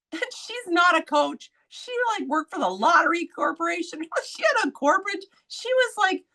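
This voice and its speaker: A woman hosting a podcast, telling a story in a casual, blunt way, swearing freely and acting out quoted voices with sudden high jumps. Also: animated, normal speed, sharp tone. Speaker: podcast host.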